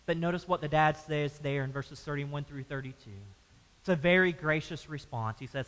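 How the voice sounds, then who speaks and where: A man's voice: on the high side, normal speed, fairly bright tone. A man preaching a sermon emphatically, with rhetorical questions to the congregation. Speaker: pastor. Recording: long hall reverb.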